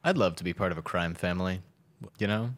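A man on a comedy podcast as the guest, talking in a voice lower than most men's. He jokes dryly, mostly at his own expense. His talk stays loose, casual and unhurried. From part Italian family. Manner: dry, self-deprecating humor. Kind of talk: casual chat.

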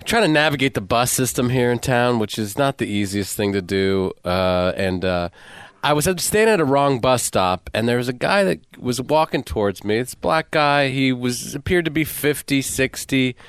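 A man casually telling a story as a podcast co-host, relaxed and easygoing. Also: mid-range voice, moderate pace, smooth, dry recording, studio quality. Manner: relaxed, easygoing, uses fillers.

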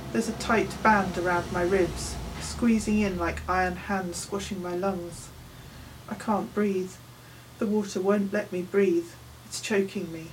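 A woman's voice: medium pitch, distant mic, a little hiss or hum, rough recording. A woman reading a novel aloud in the first person, with tense, vivid storytelling. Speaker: audiobook narrator. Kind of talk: first-person audiobook narration.

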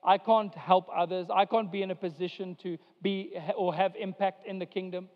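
Male pastor, high voice, emphatic preaching cadence, church sanctuary with long reverb, slightly muffled. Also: level tone. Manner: preaching with emphatic rises and drawn-out pauses. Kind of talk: sermon. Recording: dull sound with long hall reverb.

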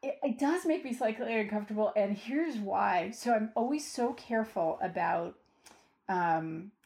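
A woman hosts a conversational interview, choosing her words with care and laughing easily. There is a lot of vocal fry in her mid-pitched voice. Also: normal speed, darkish tone. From United States. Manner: thoughtful and careful, laughs easily. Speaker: podcast host.

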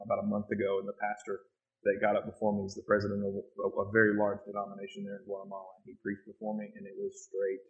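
A man's voice: lowish voice, quick pace, highs cut off. Earnest man telling mission stories. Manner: earnest, animated storytelling. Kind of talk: speaking to an interviewer.

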